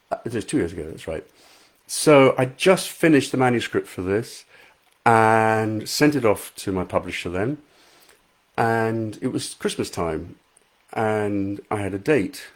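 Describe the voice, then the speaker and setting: A middle-aged Englishman with a lowish, slightly mellow voice chats casually with live viewers as an author. He's chatty and self-deprecating, reading their comments aloud in a relaxed live-stream conversation.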